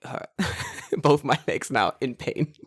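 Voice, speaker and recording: Animated young man telling stories. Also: slow pace, husky, no room sound, clean studio sound. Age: 20s. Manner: animated storytelling, acts out quotes in a high excited voice, swears freely. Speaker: podcast co-host. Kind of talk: casual chat.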